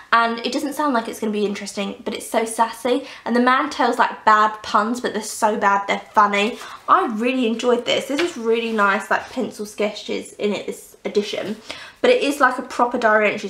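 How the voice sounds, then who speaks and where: A woman's voice: on the high side, fairly bright tone, reverberant. A young woman chatting enthusiastically on a casual book review vlog, gushing about the books she has read, recorded at home. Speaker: book vlogger. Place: indoors at home, under a blanket.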